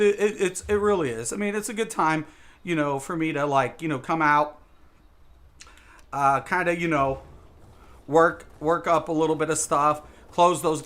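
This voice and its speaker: Rambling, excitable male game streamer. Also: on the high side, moderate pace. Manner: rambling, emphatic, repeats words, says dude a lot. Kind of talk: casual live-stream chat.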